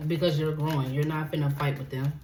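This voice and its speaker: A woman's voice: sits low, fast. A woman giving a tarot reading, blunt and profane, checking in with "okay?" after nearly every point. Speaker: tarot reader. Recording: echoey room with steady background noise.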